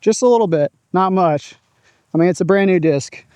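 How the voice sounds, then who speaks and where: Man, casual outdoor vlogger, chatty and upbeat, warm dry voice. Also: high voice, moderate pace, clear, resonant tone, no echo. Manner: upbeat, chatty, narrating his own throws. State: out of breath at times. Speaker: disc golf vlogger. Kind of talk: casual outdoor vlog commentary. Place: open field outdoors.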